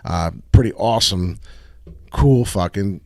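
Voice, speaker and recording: A man hosting a casual crypto livestream, talking through charts with excitement and plenty of swearing, and greeting viewers from the chat. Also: on the low side, measured pace, creaky, dry recording. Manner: excitable, profane, reads chat aloud.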